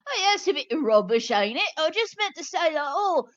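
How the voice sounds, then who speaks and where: A woman voicing a brash lower-class woman guest with a put-on Cockney accent, talking in chatty slang. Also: very animated, a little fast, a bit bright. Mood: cheeky. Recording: slightly muffled stream audio.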